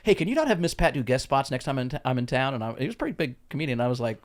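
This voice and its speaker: A man casually telling comedy club stories on a podcast, lively and laughing, slipping into other people's voices. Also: medium pitch, racing. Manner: animated storyteller, jumps into voices of others, laughs often.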